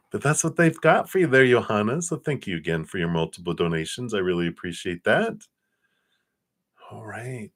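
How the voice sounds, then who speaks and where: A man with a low, deep voice leading a live tarot reading on a stream. He talks easily, laughs a lot between cards and thanks viewers for their donations by name. His delivery is loose and chatty. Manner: relaxed, laughs often, reads viewer names and thanks donors. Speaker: tarot card reader.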